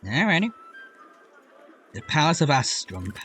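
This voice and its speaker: A man's voice: on the high side, big pitch swings, unhurried, a bit bright. A man streaming a video game live, chatting in a casual, rambling and joking way. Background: game music.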